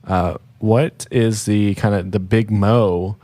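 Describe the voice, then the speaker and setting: A man hosting a podcast, reading a brisk scripted introduction. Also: fairly low pitch, steady tone, warm tone, no echo. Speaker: podcast host.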